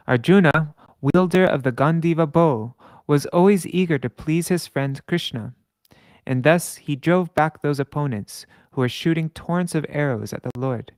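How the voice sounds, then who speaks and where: A man reading scripture aloud with commentary. He chants verses slowly and stops to correct his own slips. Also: fairly high pitch, no echo. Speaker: scripture reader.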